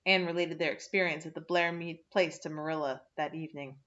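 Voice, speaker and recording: A woman's voice: low voice, fairly even intonation, a little fast, a bit bright, highs cut off. A woman reading a novel aloud in a plain manner, with small slips and self-corrections. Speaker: audiobook reader.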